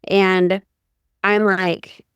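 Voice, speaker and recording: A middle-aged woman from Ohio talks in a chatty, rambling way, full of "like"s. Her voice is smooth and clear, recorded close and dry with no room sound. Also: mid-range voice, flat delivery, very slow, no room sound. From Ohio, USA. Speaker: podcast co-host. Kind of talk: casual conversation.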